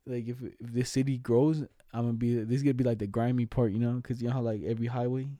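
A young man with a very dark, mellow voice spins stories in laid-back chat, full of slang and swearing. He laughs through his lines. The room is dry and close. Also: medium pitch, level tone, quick pace, no echo. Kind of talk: casual chat.

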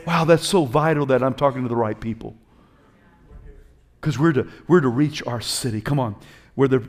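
A male preacher giving a passionate sermon, calling out to his congregation and swinging between loud exhortation and quiet, hushed moments. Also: medium pitch. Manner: passionate, call-and-response, swings from shouts to hushed.

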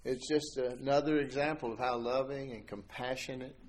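A middle-aged man recounts a personal faith experience in a relaxed, conversational way. His voice sits at an ordinary pitch and often lifts high when he acts out the people in his story. He laughs now and then as he talks. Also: normal speed, a little hiss or hum. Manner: animated storyteller who laughs as he tells it. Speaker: guest telling a faith testimony. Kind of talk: casual spoken testimony.

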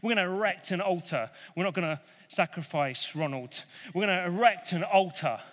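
A man's voice: sits high, normal speed, fairly bright tone. A man doing a bold, defiant prophet. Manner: confident, teasing. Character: bold, defiant male prophet, mocking rivals. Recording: long hall reverb.

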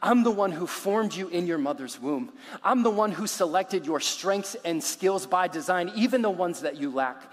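A man voicing God as a loud, emphatic, all-powerful male figure while retelling a story in a sermon. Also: high-pitched, expressive, measured pace, hardly any pauses, in a large hall, voice pushed up. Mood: reassuring.

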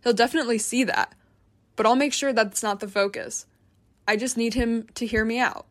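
A woman narrates a first-person memoir audiobook at normal speed, her voice a little high and steady in tone. Her delivery is tense and introspective, with frustration close to the surface.

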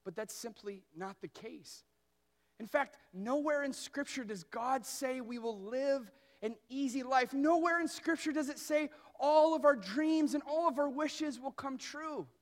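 A man in his thirties preaching a sermon as pastor, telling stories earnestly and slowing down on key phrases. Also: sits high.

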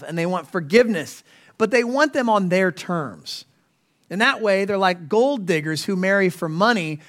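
A man with a fairly high voice preaches from the pulpit. He presses his points earnestly and leans on rhetorical questions to draw the congregation in. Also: a bit bright. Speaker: pastor. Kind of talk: sermon.

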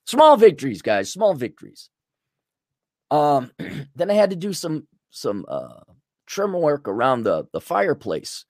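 A man's voice: fairly high pitch, very animated, unhurried, long pauses, darkish tone, no room sound, clean studio sound. A man hosting a podcast, ranting in a blunt, sarcastic and crude way. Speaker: podcast host. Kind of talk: ranting monologue.

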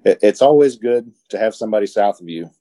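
A man's voice: fairly low pitch, lively intonation, fast, mellow. A man from Indiana, a guest on a casual chat, talking hesitantly with many fillers.

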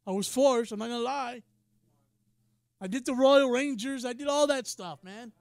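A male preacher with a strikingly high voice delivers a passionate, casual sermon, dropping to near-whispers and rising to shouts. The sound is close and dry, with almost no room echo. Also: normal speed. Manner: passionate, swings from quiet to shouting; casual, says "man" often.

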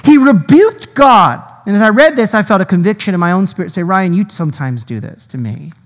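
A male pastor preaching a sermon, his delivery dramatic and swinging between loud and hushed. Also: sits high, animated, a little fast, long reverb tail.

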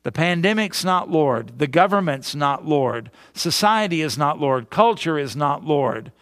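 A male pastor delivering a sermon in a fairly high voice, pressing his points with emphatic repetition and rhetorical questions. The recording is dry and close, with little room sound. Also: expressive, measured pace, fairly bright tone, no echo.

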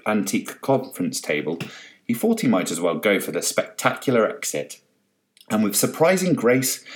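Man, narrator, storybook reading, expressive, low pitch. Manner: expressive, reads with many voices.

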